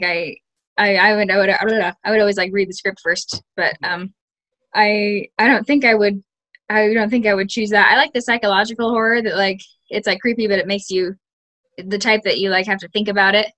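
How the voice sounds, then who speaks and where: A woman's voice: medium pitch, fairly even intonation, fairly quick, bright, forceful tone, no echo. A young woman, an actress, chatting casually in an interview, full of "like" and restarts. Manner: chatty, many fillers and restarts. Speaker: actress guest.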